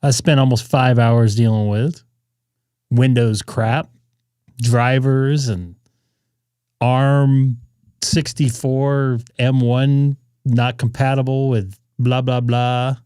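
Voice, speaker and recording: A man's voice: medium pitch, steady tone, slow, dark tone, smooth, no room sound, studio quality. A man hosting a ham radio live stream, chatting casually and rambling in asides to his viewers.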